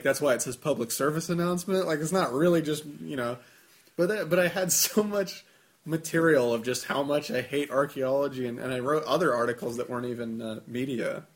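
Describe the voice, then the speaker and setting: A man on a podcast, rambling and animated in casual chat, swearing freely. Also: mid-range voice, brisk.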